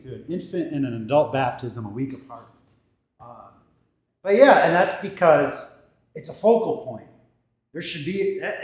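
A man's voice: on the high side, darkish tone. A man, a pastor, casually teaching his congregation in the church, thoughtful and conversational, moving around as he talks. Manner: conversational, thoughtful, with restarts and gestures. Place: church sanctuary. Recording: echoey church room.

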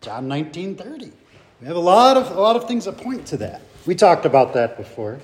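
A man's voice: high-pitched, big pitch swings, a little fast. A man leading a Bible study group, thinking aloud with rhetorical questions and fillers.

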